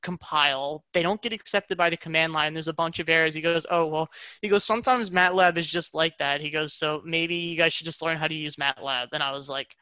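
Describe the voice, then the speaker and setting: A young man telling a rambling story on a podcast over a video call, animated and full of quoted voices. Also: a little high, brisk, smooth, no room sound, lo-fi sound. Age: young adult. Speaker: podcast co-host. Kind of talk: casual storytelling.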